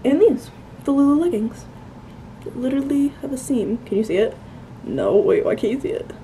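A woman's voice: sits high, big pitch swings, normal speed, mellow, slight background noise, poor audio. A young woman talking casually to her phone camera for a vlog, chatty and bubbly, full of "like" fillers. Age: young adult. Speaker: vlogger.

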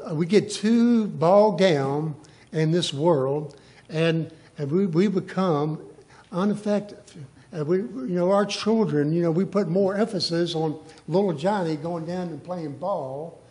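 A man's voice: sits high, a little mellow, roomy sound, rough recording. A man preaching a sermon in a church. He reads scripture aloud and then preaches off the cuff, with lots of "hey" and restarts. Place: church sanctuary.

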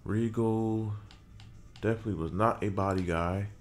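A man's voice: lowish voice, normal speed, faint music behind. A man casually narrating as he builds a wrestler in a video game, often muttering to himself and swearing now and then. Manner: muttering to himself while working, mild swearing. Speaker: gaming creator.

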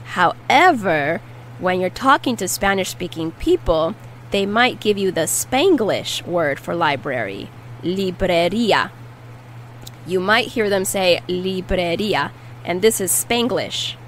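A woman teaching a language lesson, repeating each word slowly and carefully. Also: fairly low pitch, big pitch swings, slight background noise, rough recording. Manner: slow, careful repetition of words. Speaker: Spanish teacher.

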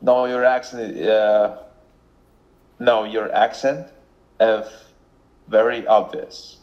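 Russian-accented man, low voice, slow and halting, casual chat. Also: level tone, a little mellow, muffled recording. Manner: slow, hesitant, searching for words. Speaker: language learner.

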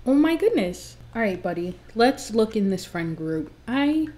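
A young woman casually commenting on a life-sim game, gushing and excitable, with big high swoops when she gets thrilled. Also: a little slow. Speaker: gameplay commentator.

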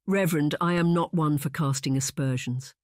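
A narrator voicing a careful, pragmatic middle-aged gentleman in a period audiobook. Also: mid-range voice, dry recording, studio quality, natural voice. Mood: measured. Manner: careful, measured, quiet. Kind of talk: audiobook character voice.

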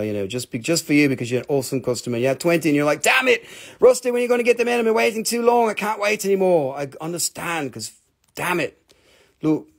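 A man hosting a live rock and mineral sale, chatting casually. He talks fast, rambles with excitement and swears freely. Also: medium pitch. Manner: talks fast when showing items. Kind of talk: live sales stream, casual chat.

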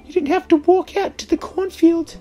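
A man voicing a stern young female cat police officer in a falsetto, warning tone. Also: steady tone, moderate pace, mellow, dull audio, faint music behind.

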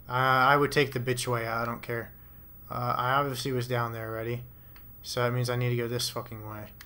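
Young male gamer, profane running commentary, bright tone, desk mic at home. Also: medium pitch. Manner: profane, rambling, talking to himself. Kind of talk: casual let's play commentary.

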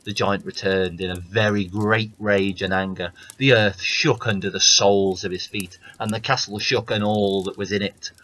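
A man reading a fairy tale aloud as a storyteller, in steady, plain narration. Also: fairly low pitch, moderate pace, few pauses, poor audio.

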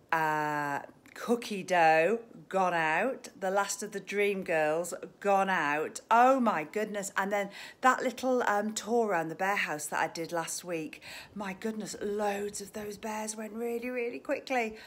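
A woman hosts a live-streamed shop tour indoors, speaking into a phone camera held in her hand. Her voice is on the low side, chatty and gushing, sometimes dropping to a hushed near-whisper.

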